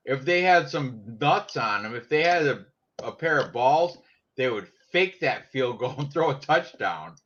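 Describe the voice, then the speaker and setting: A man's voice: mid-range voice, lively intonation, measured pace, a bit bright. A man chatting casually about sports picks in a brash, profane, joking way. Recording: dull lo-fi sound.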